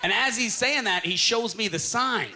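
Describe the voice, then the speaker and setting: A Canadian man in his thirties performing a stand-up set, telling stories with quick acted-out quotes on a club stage. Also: sits high, very noisy. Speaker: stand-up comedian. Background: faint audience laughter.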